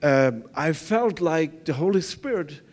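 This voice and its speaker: An older man with a German accent giving an earnest sermon testimony as a visiting pastor, speaking halting English with many fillers. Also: on the high side, animated, darkish tone.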